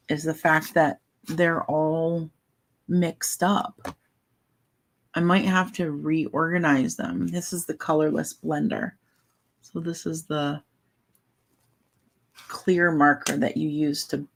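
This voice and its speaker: A woman vlogger chatting in a relaxed, meandering way, thinking aloud while she colors. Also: low voice, gravelly, slight background noise, rough recording.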